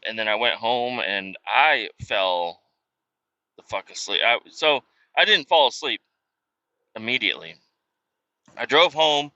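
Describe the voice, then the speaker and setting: In a casual storytelling monologue, a podcast host in his thirties spins rambling, profane tales and acts out other people's lines. His voice is lowish with a sharp tone. The audio is dry, dull, and lo-fi.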